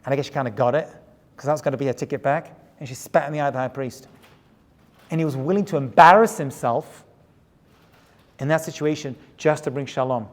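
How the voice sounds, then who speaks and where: A man teaching as a rabbi in an animated, rhetorical storytelling style that keeps checking in with his listeners. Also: medium pitch, brisk, long pauses. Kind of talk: sermon-style lecture with storytelling. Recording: long hall reverb.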